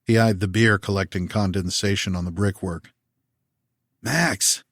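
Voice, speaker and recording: A man reads a science-fiction audiobook in a measured, even manner. His voice sits low, and the recording is dry and close with no room sound. He moves steadily through the prose. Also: dry recording. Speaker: audiobook narrator. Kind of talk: scripted narration.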